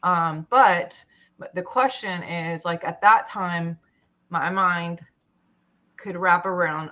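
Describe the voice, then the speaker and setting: A woman telling a personal story in a conversation, halting and full of fillers and restarts. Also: fairly low pitch, bright, forceful tone. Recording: dull lo-fi sound.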